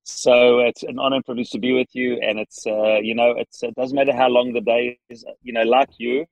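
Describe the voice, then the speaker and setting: A man with a South African accent, a podcast guest answering questions earnestly from his parked car, with frequent restarts and pauses. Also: medium pitch, flat delivery, dry recording, muffled recording. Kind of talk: thoughtful interview answers.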